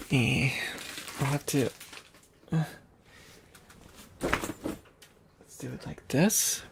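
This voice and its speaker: A man chatting softly and rambling with viewers on an ASMR livestream, giggling now and then. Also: mid-range voice, vocal fry. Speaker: ASMR streamer. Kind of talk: soft-spoken ASMR livestream. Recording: loud steady background noise. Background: whirring small fan.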